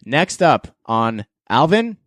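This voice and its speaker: A man's voice: mid-range voice, big pitch swings, slow pace, a bit bright, no room sound. Canadian guy hosting a podcast quiz, playful and teasing, dry close mic. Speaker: podcast host. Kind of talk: casual game-show chat.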